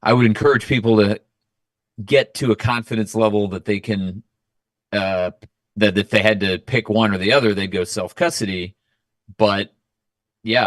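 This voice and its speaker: A man with a fairly low voice talks as a guest in an easygoing chat. He explains his points in a thoughtful, measured way. The recording is dry and close. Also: no echo. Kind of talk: casual chat.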